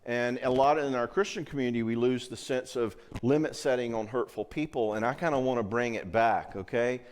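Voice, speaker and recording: A man's voice: medium pitch, brisk. Conversational male conference speaker. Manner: conversational, acts out quoted voices, frequent check-ins. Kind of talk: conference talk on marriage.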